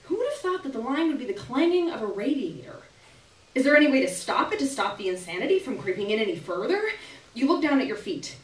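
A woman's voice: a little high, very animated, quick pace. A woman giving a dramatic live reading of a story in the second person. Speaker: reader. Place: stage in a hall. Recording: echoey hall from far off.

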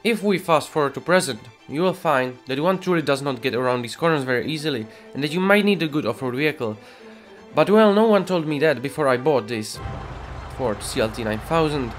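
Deadpan comic narrator, man. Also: on the high side, brisk, soft background music. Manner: deadpan, sarcastic. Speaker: host. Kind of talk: comedic scripted narration.

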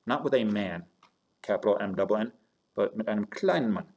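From a home office with a squeaky chair, a man records an online German lesson, spelling words out and explaining step by step as he alternates between German and English. His fairly low voice is gravelly, animated and a little mellow, moving fairly quickly.

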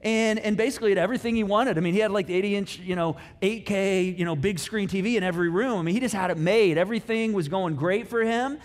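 A middle-aged pastor preaches in a relaxed, chatty way, leaning into the story with jokes and asides. His man's voice sits high, and it swings from loud emphasis to near-quiet musing. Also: fast talker, hardly any pauses. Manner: animated storytelling with playful asides, wide swings in pitch and loudness. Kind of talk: casual conversational sermon.

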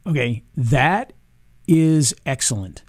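A man casually reviewing software on screen, chatty, with frequent ums and restarts. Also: mid-range voice, expressive, takes it slowly, soft background music. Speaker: video marketing reviewer.

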